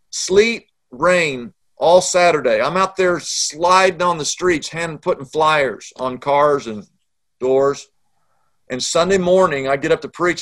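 A man's voice: a little high, a bit bright. A middle-aged man, a pastor telling a story in an interview and acting out the dialogue.

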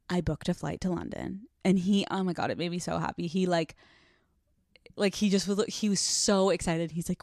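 A young woman hosting a solo podcast, chatting casually and rambling fast with lots of filler words and swearing. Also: fairly low pitch, a little mellow, no echo, studio quality. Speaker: podcast host. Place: hot small room, dry sound.

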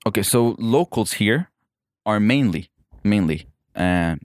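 Slow-paced and fairly low in voice, this comedian from the UAE jokes around loosely in a casual interview as a guest, often abandoning sentences and beginning again. Evazi Persian is his first language, and the recording is close and dry with no room sound.

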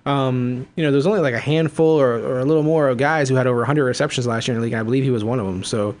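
A man's voice: mid-range voice, rapid-fire, a little mellow. A man hosting a casual fantasy football podcast, rambling with many fillers and restarts. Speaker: podcast host.

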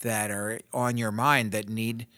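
A man's voice: fairly low pitch, little pitch movement, unhurried, bright, forceful tone, dry recording, clean studio sound. A man co-hosting a podcast, teasing his guest playfully in casual chat. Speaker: podcast co-host.

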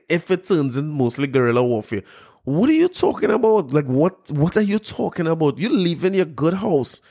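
A fairly high-voiced man, reading out a news story and ridiculing it line by line. His voice is incredulous and sarcastic, full of mocking questions. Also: a little mellow. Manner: incredulous, sarcastic, laughing at what he reads. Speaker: commentator reacting to a news article.

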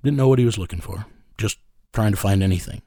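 A man's voice: lowish voice, fast talker, dark tone, dry recording, studio quality. A man telling a story as an interview guest, blunt and profane, chuckling as he goes. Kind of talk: casual storytelling.

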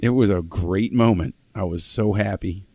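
A man talking as a podcast guest in casual chat, telling stories with bursts of excitement. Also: low-pitched, moderate pace, no echo. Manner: excitable storyteller, acts out his own past excitement.

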